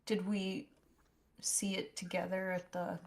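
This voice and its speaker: A woman's voice: on the low side, little pitch movement, unhurried, vocal fry. A woman playing a tabletop game, speaking tentatively and hesitantly. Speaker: player. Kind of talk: casual tabletop game play.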